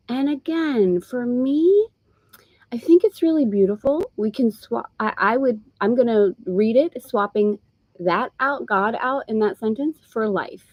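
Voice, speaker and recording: A woman's voice: on the high side, lively intonation, measured pace, no room sound, low-quality recording. Chatty woman teaching a spiritual lesson, dry sound. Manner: warm chatty asides, breaks into laughter. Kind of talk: live-streamed spiritual lesson. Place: travelling in Greece, indoors.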